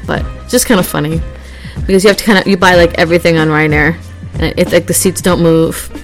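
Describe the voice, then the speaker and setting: A woman's voice: lowish voice, fairly quick, faint music behind. Chatty woman vlogger, casual and rambling. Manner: chatty, rambling, laughs easily, animated when acting out scenes. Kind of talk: casual chat.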